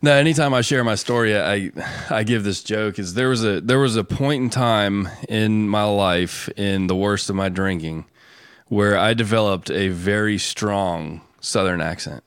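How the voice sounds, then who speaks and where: A man with a low voice talks openly about himself as a roundtable guest. His telling is candid and reflective. He is recorded dry and close. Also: a little slow, clean tone, no room sound. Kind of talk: casual roundtable discussion.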